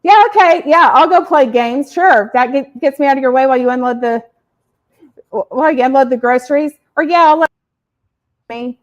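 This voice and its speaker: A woman's voice: high voice, moderate pace, dull audio, lightly acted. A woman acting out a distractible boy who mishears his mother's instruction and answers in a casual, offhand way. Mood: cheerful, oblivious. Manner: casual, offhand, misreading words.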